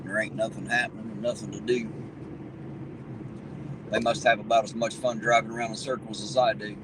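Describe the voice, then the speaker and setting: Easygoing southern Ohio hillbilly man streaming from his car, a bit off-mic, road noise loud behind him. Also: fairly low pitch, little pitch movement, fairly quick, far from the mic. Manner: folksy, easygoing, swears casually. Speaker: livestream host. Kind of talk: casual live-stream chat, reading viewer comments. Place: in a car driving around town at night.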